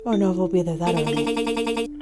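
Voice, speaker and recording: A woman's voice: a little high, normal speed, loud music behind the voice, pitched above the performer's own voice, natural voice. Woman voicing a friendly casual young woman.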